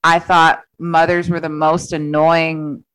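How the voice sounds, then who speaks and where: On a casual podcast chat, a woman guest rambles through stories, poking fun at herself, laughing often and using lots of filler. Her voice is low, smooth, and fairly bright, with a level tone and slow pace. The recording quality is low.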